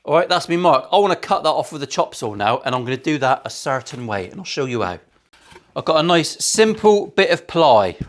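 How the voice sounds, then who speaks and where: A man's voice: on the high side, very animated, a little fast. A man building a guitar in his workshop, talking casually to camera with cheeky banter, plenty of swearing and jokey asides. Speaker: luthier.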